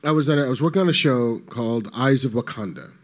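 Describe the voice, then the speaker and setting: A man hosting a panel, talking in a passionate, animated way and swearing freely. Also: mid-range voice, fast talker. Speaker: panel host. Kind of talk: casual panel talk.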